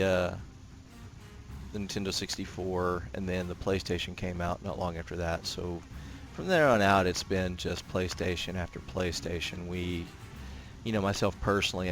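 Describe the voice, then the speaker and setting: A man giving casual commentary while playing a naval combat game, talking in a relaxed, rambling way with many fillers and restarts. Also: deep voice. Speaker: gameplay commentator.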